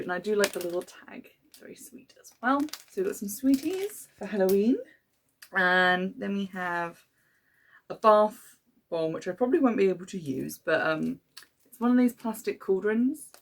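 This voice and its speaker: A woman's voice: medium pitch, a little hiss or hum. A woman, casually chatting through an unboxing with lots of ums and frank opinions. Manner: chatty, hesitant with many ums, mildly critical. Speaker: podcast host unboxing a subscription box.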